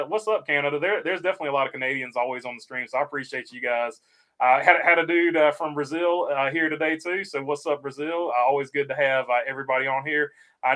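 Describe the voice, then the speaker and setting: A man's voice: fairly high pitch, fairly bright tone. A man hosting a casual livestream, reading viewer comments aloud and chatting easily with many "uh" fillers. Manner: frequent "uh" fillers, easygoing. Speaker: livestream host reading chat.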